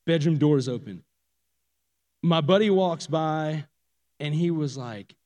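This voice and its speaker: A man giving a casual, animated personal testimony to a church audience, swinging from loud emphasis to hushed asides. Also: fairly high pitch, slow pace, long pauses. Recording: long reverb of a large hall.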